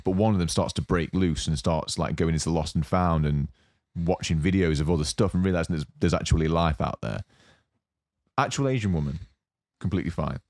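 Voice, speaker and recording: A young adult man co-hosting a podcast, casually telling a long story with lots of fillers and animated asides. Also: low voice, a little fast, dry recording, studio quality. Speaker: podcast co-host. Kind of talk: casual chat.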